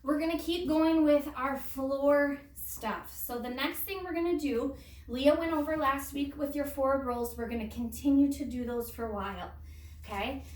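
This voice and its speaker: High-voiced woman coaching kids' gymnastics. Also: a little hiss or hum. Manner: patient, ends phrases with "okay?". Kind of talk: instructional demonstration for kids. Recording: echoey gym from far off.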